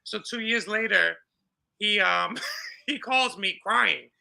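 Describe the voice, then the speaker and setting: Middle-aged male guest, gravelly and very bright-toned, telling stories with lots of animation. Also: high-pitched, slow pace. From New York. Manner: animated, acts out dialogue with laughter. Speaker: podcast guest. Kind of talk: storytelling in an interview.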